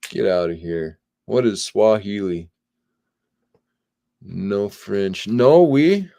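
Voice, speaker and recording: Casting: male stream host, low voice with a dark, gravelly edge, unhurried delivery. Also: expressive. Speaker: livestream host. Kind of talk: casual chat, reading viewer comments aloud.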